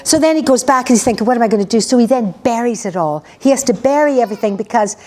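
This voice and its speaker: A woman's voice: fairly high pitch, expressive, fast talker, a little mellow. A woman preacher retelling a story in a chatty, conversational sermon, full of restarts and asides. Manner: chatty, lots of "you know", restarts.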